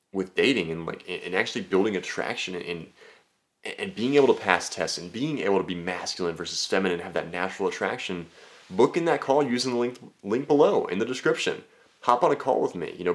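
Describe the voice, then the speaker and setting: Brash young man coaching on dating. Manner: brash, swears freely, jumps into high mocking voices. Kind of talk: casual talking-head monologue.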